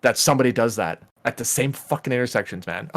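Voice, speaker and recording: A man's voice: medium pitch, quick pace, fairly bright tone, no room sound, studio quality. A man co-hosting a podcast over a voice call, ranting with lots of swearing and acting out his own outbursts. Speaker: podcast co-host. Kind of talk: casual chat over a call. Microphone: voice call mic.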